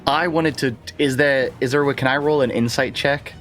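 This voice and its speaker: A man's voice: medium pitch, steady tone, a little fast, a bit bright, soft background music. A man playing a tabletop game, thinking aloud and hesitating. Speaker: player. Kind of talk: casual tabletop play.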